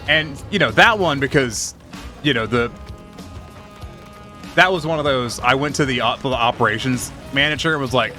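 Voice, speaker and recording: A man's voice: mid-range voice, moderate pace, pauses often, sharp tone, faint music behind. A man streaming a game, telling rambling, profane work stories in casual chat. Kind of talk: casual chat while gaming.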